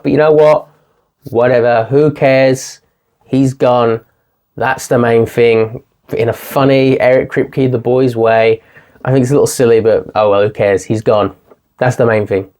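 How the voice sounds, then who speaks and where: A young man talks through a TV finale in a chatty, excitable way and laughs often. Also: mid-range voice. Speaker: TV series reviewer. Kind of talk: casual video review.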